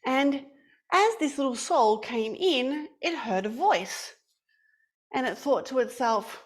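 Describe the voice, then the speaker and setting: A playful young woman with a bright, high voice, leading an online class for kids. She tells a story in a lively, sing-song way, the way a teacher talks to children on a webcam. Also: slow pace.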